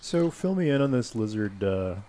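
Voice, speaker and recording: A man's voice: medium pitch, sing-song, moderate pace, dark tone. A man chatting casually and teasingly while hosting a video game livestream. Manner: joking, teasing, playful. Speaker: livestream host. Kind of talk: casual gaming livestream chat.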